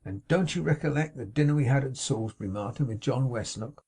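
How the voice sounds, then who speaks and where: A man voicing an excitable, kindly young man in an audiobook, with eager, breathless exclamations in a raised voice. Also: mid-range voice, fairly quick, gravelly, breathy edge. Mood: overjoyed.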